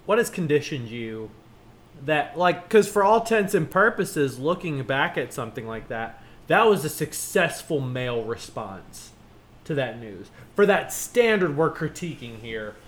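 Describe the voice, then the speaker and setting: A man chatting casually as a podcast co-host, joking and animated, jumping up in pitch for emphasis. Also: unhurried. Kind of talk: casual chat.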